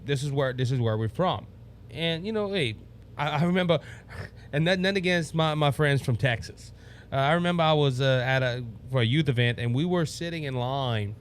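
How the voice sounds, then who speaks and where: A man with a thick Cajun Louisiana accent hosts his own talk show at a mid-range pitch. He rambles, trips over his words and starts sentences again, chuckling at his own slips. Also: a little hiss or hum. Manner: rambling, stumbles over words and restarts, laughs at himself. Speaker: podcast host. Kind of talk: casual political talk show.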